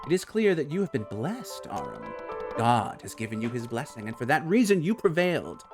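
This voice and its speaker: A man's voice: medium pitch, huge pitch swings, fairly quick, music in the background. A man reading a game aloud and voicing an older male elder who speaks in a proud, ceremonial way. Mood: solemn.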